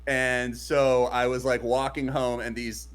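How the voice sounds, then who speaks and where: A man's voice: medium pitch, level tone, measured pace. A man co-hosting a casual streamed chat show, telling a long rambling story with lots of fillers. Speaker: podcast co-host. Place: home streaming setup.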